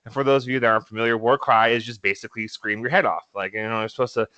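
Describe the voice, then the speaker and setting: A man's voice: medium pitch, fairly even intonation, racing, sharp tone, no echo, highs cut off. A young man co-hosting a podcast, telling stories casually with lots of fillers and laughter. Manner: laughs often, many fillers and restarts. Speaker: podcast co-host. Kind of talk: casual storytelling.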